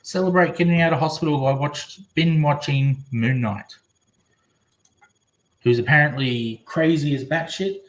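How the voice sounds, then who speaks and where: A man's voice: on the high side, measured pace. A man chatting casually on a live stream, rambling and reading viewers' comments aloud. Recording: echoey room.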